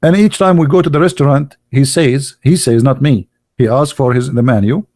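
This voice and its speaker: A man's voice: a little high, fairly quick, creaky, few pauses, a little mellow, no echo, clean studio sound. Sarcastic man from the Middle East. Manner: sarcastic, laughing, many fillers and restarts. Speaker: channel host. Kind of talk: mocking monologue.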